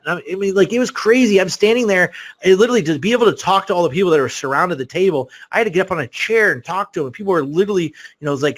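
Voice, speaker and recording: A man hosting a live sales webinar, telling a story in an excitable, rambling way full of fillers. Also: fairly high pitch, fast talker. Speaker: webinar host selling a course.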